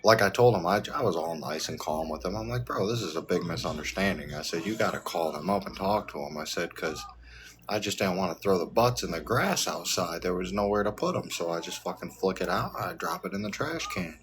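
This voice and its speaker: A man in his thirties with a low voice talks in a loose, rambling way, full of swearing and easy laughter. A faint hiss sits under his voice as he chats live from a hotel room. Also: animated, a little fast. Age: 30s. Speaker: livestreamer. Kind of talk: casual profane live chat.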